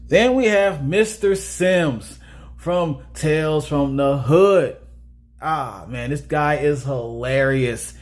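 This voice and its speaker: A man's voice: a little high, slow pace. A man casually talking through a movie review in a chatty way, often checking in with "all right?".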